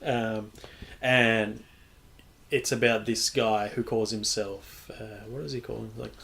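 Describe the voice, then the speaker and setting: Low-voiced man, loose and sweary. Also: level tone, slow pace, vocal fry, fairly bright tone. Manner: loose, rambling, swears freely. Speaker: podcast host. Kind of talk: casual chat.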